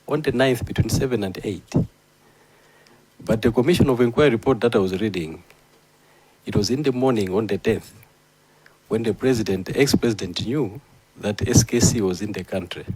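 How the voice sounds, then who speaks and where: A man's voice: lowish voice, normal speed, pauses often, a little mellow, slight background noise, poor audio. A man, a member of parliament persistently questioning a witness about exact dates. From Malawi. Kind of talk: formal questioning.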